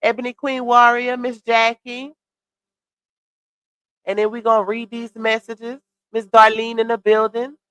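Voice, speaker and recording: A woman hosting a casual livestream, reacting to gossip and shouting out viewers, her voice a little worn. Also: a little high, level tone, a little slow, smooth, no echo. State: voice slightly worn. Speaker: livestream host. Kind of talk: casual live-stream chat reading comments.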